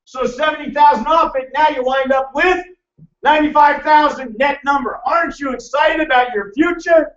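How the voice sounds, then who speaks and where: A man presenting a financial seminar to a live audience, loud, emphatic and hectoring as he teases the crowd. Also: very high voice, normal speed. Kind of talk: motivational seminar lecture. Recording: echoey, distant, dull room recording.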